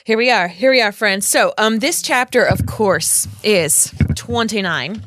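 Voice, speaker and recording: A woman's voice: medium pitch, measured pace, a bit bright, no echo. Chatty woman podcaster, dry close sound. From United States. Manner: chatty, self-deprecating, laughing. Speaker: podcast co-host. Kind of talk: casual chat and reading aloud.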